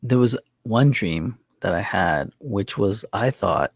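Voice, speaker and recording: A man's voice: lowish voice, animated, slow pace, husky, no room sound. A man hosting a casual chat, rambling through a story with restarts and chuckles. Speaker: channel host.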